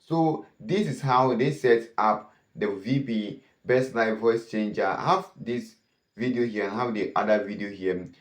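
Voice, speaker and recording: A man's voice: fairly low pitch, unhurried. A man hosting a cyber safety channel, warning viewers and often posing "what?" questions that he answers himself. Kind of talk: warning talk to camera. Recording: echoey room.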